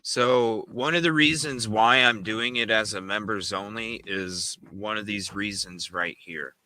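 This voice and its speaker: A man's voice: fairly low pitch, unhurried, pushed and bright, poor audio. A man hosting a casual live stream, talking earnestly and directly to his viewers. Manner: direct, earnest, addresses the audience with repeated checks. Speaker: host.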